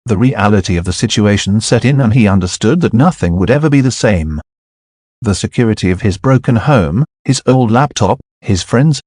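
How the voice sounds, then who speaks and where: Low-voiced male audiobook narrator. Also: darkish tone, dry recording, clean studio sound.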